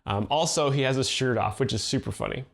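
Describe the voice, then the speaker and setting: Deadpan, hesitant joke-explaining man. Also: medium pitch, quick pace, vocal fry, a little hiss or hum. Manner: flat, hesitant, full of ums and uhs.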